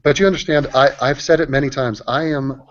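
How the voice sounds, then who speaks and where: A man hosting a casual group video call, talking in an animated, profane, rambling way. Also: medium pitch, brisk, a little hiss or hum. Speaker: host. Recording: dull lo-fi call audio.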